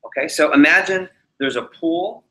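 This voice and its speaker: A man training a live audience in public speaking, animated and shifting his speed and pitch to demonstrate his points. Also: moderate pace. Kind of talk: energetic presentation to a live group. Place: meeting room with a live audience. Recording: roomy echoey hall.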